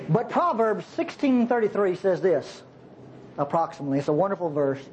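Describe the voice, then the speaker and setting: A man's voice: high voice, darkish tone, a little hiss or hum. A man preaching a sermon, teaching the Bible in a folksy, chuckling way. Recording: dull lo-fi sermon recording.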